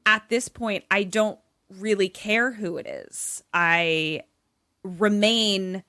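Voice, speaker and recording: Slow, bright-voiced profane woman. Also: mid-range voice, no room sound, studio quality. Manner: profane, indignant, deadpan rants. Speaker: podcast co-host. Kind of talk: casual chat reacting to a film. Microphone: remote call.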